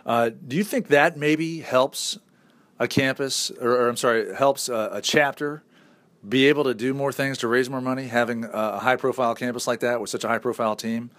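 A man's voice: mid-range voice, steady tone, normal speed, fairly bright tone. A man with a Northern US accent hosting a talk show, chatty, upbeat and jokey while interviewing guests. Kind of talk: casual interview.

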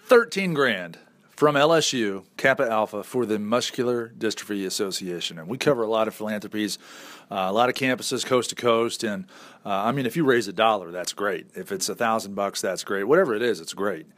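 A man's voice: lowish voice, a little fast, fairly bright tone, no room sound. A man with a Northern US accent hosting a casual interview, upbeat and chatty with many fillers. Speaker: show host.

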